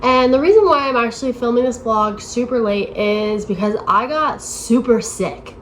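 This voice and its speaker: In a casual vlog, a twentysomething woman, in her late twenties, talks to camera at home while heading to her desk, rambling, poking fun at herself, and saying "like" constantly. Her voice is fairly high at normal speed, and the audio is poor with slight background noise.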